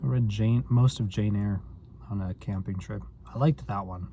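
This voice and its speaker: Low, mellow-voiced man chatting casually. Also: moderate pace, a little hiss or hum. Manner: rambling, self-deprecating, lots of filler likes. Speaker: vlogger. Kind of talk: casual vlog chat.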